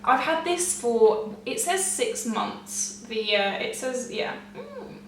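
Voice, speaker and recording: A young woman gushing excitedly to camera as a beauty vlogger, chatty and often laughing. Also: a little high, slow, slight background noise. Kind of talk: casual chat to camera. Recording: echoey room, mic at a distance.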